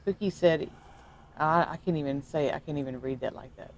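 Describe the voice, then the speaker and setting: A woman's voice: lowish voice, takes it slowly, pauses often, dark tone. A woman co-hosting a casual livestream chat, giggling often as she reads out viewer comments. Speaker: livestream co-host reading chat.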